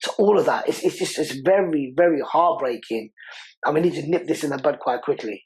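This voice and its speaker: In a rough recording, a man with a slightly rough voice that sits a little high speaks briskly and earnestly as a podcast guest. The conversation is emotional. Passionately convinced, he hammers his points by repeating them, and his delivery comes across as heartfelt and conversational rather than scripted.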